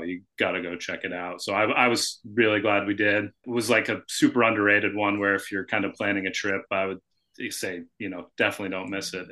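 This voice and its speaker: An American man from the north-east USA, a golf professional guest on a podcast, talking casually with many fillers and trailing off softly. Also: fairly low pitch.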